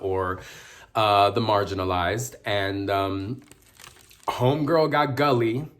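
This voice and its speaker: A man casually telling personal stories to the camera in a chatty, animated way. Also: on the low side. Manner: chatty, animated, with dramatic outbursts. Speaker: vlogger. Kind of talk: casual storytelling vlog.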